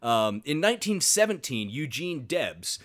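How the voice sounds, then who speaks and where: A man's voice: a little high, very animated, unhurried. A man hosting a casual discussion podcast, chatty and wry with frequent fillers. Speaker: podcast host.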